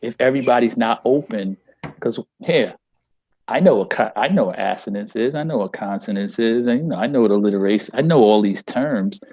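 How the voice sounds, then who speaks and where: A man's voice: lowish voice, fairly quick, mellow, husky, dry recording, dull audio. A man teaching a poetry workshop on a video call. He speaks emphatically and rhythmically, stretching key phrases and often checking in with "all right?".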